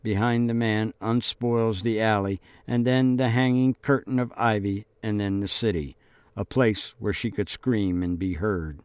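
Male narrator, audiobook, measured reading, very slow, dry close sound. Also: fairly low pitch, a little mellow, no room sound.

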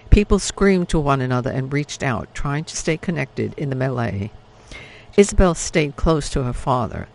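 Gravelly man reading an audiobook. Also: fairly high pitch, poor audio. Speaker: audiobook narrator. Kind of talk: scripted audiobook narration.

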